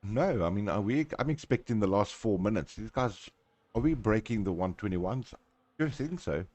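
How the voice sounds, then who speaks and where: A man's voice: fairly low pitch, animated, normal speed, darkish tone, no echo. A man from South Africa with a South African accent, giving chatty live commentary on a sim race, talking through each turn and laughing often.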